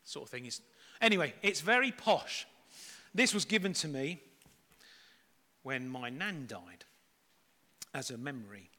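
A man's voice: medium pitch, animated, measured pace, long pauses, bright, forceful tone. A middle-aged man giving a playful, chatty children's talk at church.

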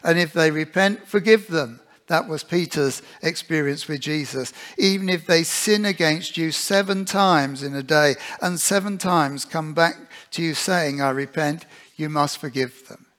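A man's voice: a little high, a little slow, fairly bright tone. A man preaching a sermon in an earnest way, often putting rhetorical questions to his listeners.

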